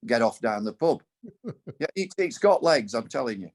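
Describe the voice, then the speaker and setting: A man's voice: medium pitch, sing-song, moderate pace. An older man chatting casually as a podcast co-host, rambling through playful, tongue-in-cheek ideas. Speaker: co-host and cricket pundit. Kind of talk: casual chat.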